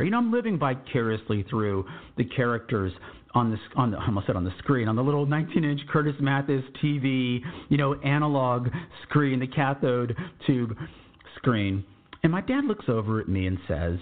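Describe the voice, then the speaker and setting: A man in his fifties from Texas tells his own war memories, wandering into asides and correcting himself as he goes. His voice sits at an ordinary pitch and comes through a thin, phone-like recording. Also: very animated, moderate pace. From San Antonio, Texas. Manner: conversational, digressive, with asides. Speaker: veteran podcast storyteller. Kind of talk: first-person war storytelling. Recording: tinny phone-like sound.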